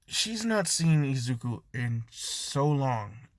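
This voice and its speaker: Man narrating fan fiction, unhurried, casual and filler-heavy, mid-pitched voice. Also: dry recording. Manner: loose, rambling, many fillers, self-correcting. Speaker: storyteller. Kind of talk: improvised fan story narration.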